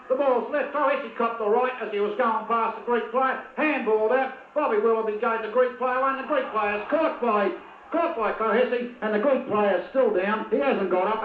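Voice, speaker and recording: A man with an Australian accent giving excitable, partisan commentary on a local football match and calling out to the players by name. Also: high-pitched, reverberant, narrow, tinny audio, a little hiss or hum.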